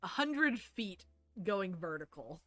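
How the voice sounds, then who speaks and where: A woman's voice: mid-range voice, very animated, takes it slowly, fairly bright tone, no room sound. A young woman running a tabletop game as game master, narrating in a laid-back, rambling way with many fillers. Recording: faint music behind.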